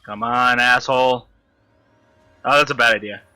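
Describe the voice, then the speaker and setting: A man's voice: medium pitch, steady tone, moderate pace, bright, forceful tone, smooth. A man commentating his own gameplay, frustrated and swearing constantly at the enemy he is fighting. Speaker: gamer.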